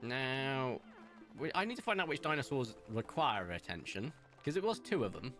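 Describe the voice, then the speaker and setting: Young male streamer, rambling and animated, lively pitch, soft music underneath. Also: moderate pace. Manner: chatty, rambling, animated storytelling. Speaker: game streamer. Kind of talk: casual gameplay commentary.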